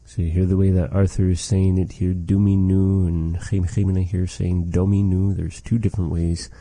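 A man teaching a language lesson, slowly and patiently saying phrases and explaining what they mean. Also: sits low, level tone, vocal fry, mellow, no echo. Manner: repeats phrases slowly and explains them carefully.

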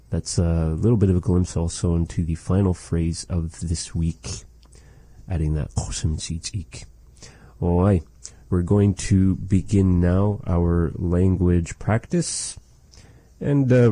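A man teaching a language lesson as host, patiently repeating phrases slowly and explaining them. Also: low voice, mellow, no echo. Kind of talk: slow, careful language lesson.

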